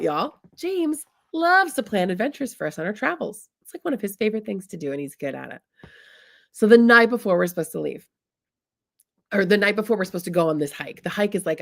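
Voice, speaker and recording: Woman from the Midwest, comic storytelling talk, lively swooping pitch, chatty asides to the audience. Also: creaky. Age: adult, married. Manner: chatty, comic, addresses listeners as "y'all". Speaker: speaker telling a personal story.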